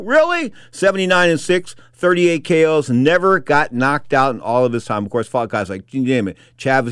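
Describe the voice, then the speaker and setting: A man's voice: medium pitch, dry recording, studio quality. A man hosting boxing talk radio, rambling through stories and fight results with frequent asides. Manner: fast rambling asides, many "of course" and "anyway". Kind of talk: casual talk radio monologue.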